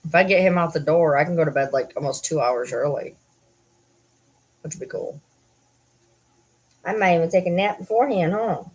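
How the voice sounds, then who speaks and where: A woman chats casually at home and keeps turning to coo baby talk at her pets. Her voice is husky and sits a little low. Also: expressive, normal speed, long pauses, rough recording.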